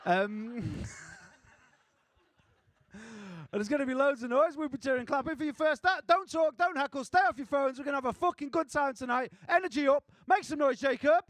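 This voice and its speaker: A man compering a comedy club, shouting crowd instructions and hyping up the room before bringing on the next act. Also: quick pace, no room sound. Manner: shouting, high-energy announcing.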